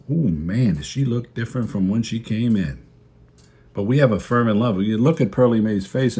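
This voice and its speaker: A man's voice: on the low side, a little mellow. A man pastor delivering a folksy sermon, repeating key phrases for emphasis. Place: church video service.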